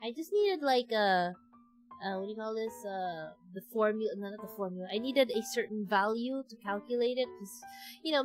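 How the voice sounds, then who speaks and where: A woman's voice: medium pitch, low-quality recording. A young woman, a doctor chatting casually on stream and rambling through a story with many restarts.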